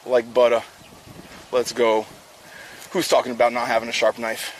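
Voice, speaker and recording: A man's voice: mid-range voice, monotone, unhurried, long pauses, slight background noise. A man hosting a fishing livestream, chatting casually with viewers while he works. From South Florida. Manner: upbeat, chatty, talks to chat while working. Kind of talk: casual live-stream instruction. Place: outdoors.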